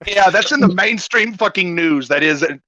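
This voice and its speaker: A man's voice: sits high, expressive, normal speed, pushed and bright, dry recording. Crude joking man on a dull mic. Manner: crude, joking, storytelling asides. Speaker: podcast guest. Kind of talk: casual political chat. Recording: dull, dry home mic.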